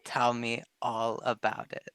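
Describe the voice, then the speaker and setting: Male player, casual and excitable, faint background music. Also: mid-range voice, takes it slowly, clean tone. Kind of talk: casual tabletop play.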